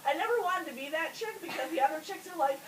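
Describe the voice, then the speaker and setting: A woman telling a comic story at home in a casual, animated way, laughing often and swearing. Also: very high-pitched, quick pace. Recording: roomy echo, distant from mic, faint hiss.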